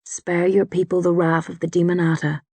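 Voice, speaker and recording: A woman voicing a wounded older male druid, gruff and stubborn, speaking low and strained in an audiobook. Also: flat delivery, normal speed, darkish tone, dry recording.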